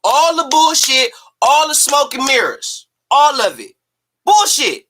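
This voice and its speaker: A man's voice: very high voice, sing-song, bright, forceful tone. A man hosting a boxing talk stream who rants emphatically and profanely, firing off rhetorical questions. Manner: emphatic, profane, rapid-fire rhetorical ranting. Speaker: host.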